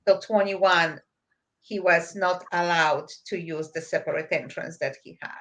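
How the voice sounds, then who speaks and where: A woman's voice: lowish voice, steady tone, unhurried, a bit bright. A middle-aged woman co-hosting a podcast, giving plain-spoken advice in casual chat. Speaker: podcast co-host.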